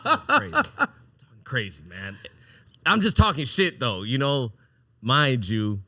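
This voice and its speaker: A man hosting a podcast, telling a long story in a casual, animated way, swearing freely and acting out what people said. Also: medium pitch, a little slow, no echo. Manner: animated, profane, acts out quoted lines. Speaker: podcast host.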